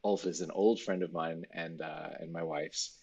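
Deep husky male, relaxed interview guest, self-deprecating and easygoing. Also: normal speed, muffled recording. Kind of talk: casual interview talk.

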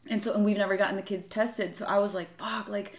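A young woman co-hosting a casual podcast, telling an animated story with plenty of "um"s and "like"s. Her voice sits in a middle pitch and bounces off an echoey room. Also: fast talker. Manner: animated storytelling with frequent fillers. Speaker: podcast co-host. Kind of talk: casual chat.

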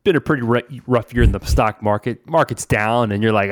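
A man's voice: mid-range voice, fairly quick, few pauses, no echo, clean studio sound. A man in his forties, a podcast host from New Orleans, giving casual money advice in a chatty way, often saying "man" and "right?". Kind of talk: casual financial advice talk.

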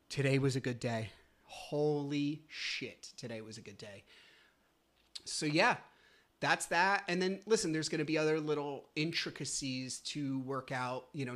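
A man in the middle of his voice range talks alone into a podcast mic, overwhelmed with relief. His delivery is raw and heartfelt, cursing freely and sinking at times to a hushed near-whisper. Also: mid-range voice. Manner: emotional, grateful, swears often, drops to a near whisper. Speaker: podcast host. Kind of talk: solo podcast monologue.

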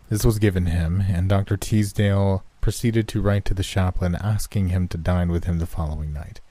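Deep husky male horror narrator. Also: fairly even intonation, moderate pace, few pauses, dark tone.

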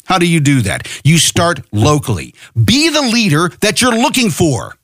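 Middle-aged us guy ranting on his podcast, swears a lot, pitch jumps all over, dry close sound. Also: sing-song, normal speed, fairly bright tone, no room sound. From United States. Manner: fiery, profane, rallying exhortation. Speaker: podcast host. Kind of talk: impassioned political monologue.

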